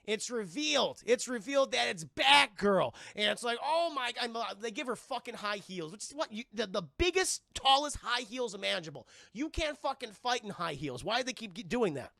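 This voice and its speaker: A man hosting a casual live-stream film review, talking to his chat and swearing freely as he acts out scenes. His voice is high and bright with a gravelly edge, recorded dry and close. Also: normal speed, few pauses, no room sound. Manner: animated and profane, with mocking retellings.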